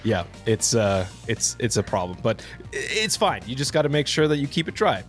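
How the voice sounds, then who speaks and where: A man's voice: mid-range voice, moderate pace, faint music behind. A man with a mid-range voice co-hosts a laid-back podcast. He plays along with a joke in a dry, mock-serious tone. His speech is dotted with "uh" and "um". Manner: deadpan mock-advert delivery with many fillers. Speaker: podcast co-host. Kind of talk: casual comedic podcast banter.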